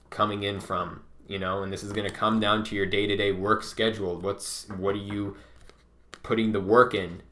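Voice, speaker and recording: A man with a low voice reads tarot cards in a relaxed, rambling way. His tone is bright and forceful, and he swears freely and says "like" often. It sounds like a casual reading aimed straight at the viewer. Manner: laid-back and profane, heavy use of "like". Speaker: tarot reader.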